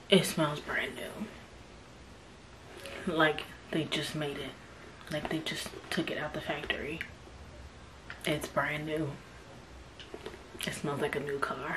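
A woman with a low, steady voice speaks slowly with long pauses, gushing over a new bag in an unboxing vlog and often dropping to a whisper. She's recording in a room at home, with background noise and kids playing outside, and her talk is excited unboxing chat.

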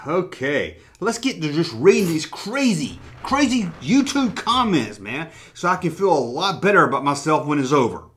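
A man's voice: fairly high pitch, sing-song, normal speed, a bit bright. A man hosting a casual vlog who talks with sarcastic jokes and swears freely. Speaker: toy collecting YouTuber. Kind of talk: casual vlog, reading comments.

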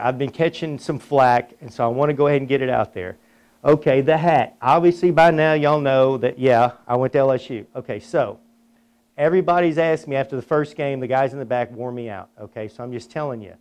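A man's voice: mid-range voice, darkish tone, smooth. A man hosting a technical webinar, chatting casually, telling stories and leading a prayer. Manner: folksy, chatty, tells anecdotes. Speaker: webinar host. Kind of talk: casual presentation with storytelling and prayer.

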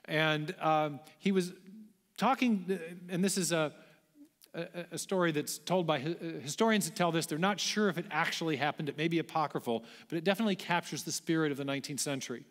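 A man's voice: a little high, brisk, a bit bright. A man giving a public lecture to a large audience in a church auditorium, explaining in a conversational way with the odd light aside. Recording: echoey hall.

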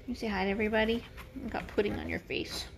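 A woman's voice: medium pitch, fairly even intonation, fast, creaky, noisy background. Chatty woman cooing at puppies. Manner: coos at dogs in a singsong voice; chatty, laughing easily. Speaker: farm vlogger. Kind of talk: casual talk to dogs and camera.

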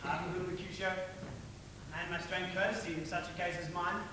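A man's voice: sits high, steady tone, normal speed. A young man playing an earnest lovesick youth. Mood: bantering. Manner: earnest, pleading verse delivery. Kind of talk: amateur stage acting of classic verse. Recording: echoey hall, far, noisy old tape.

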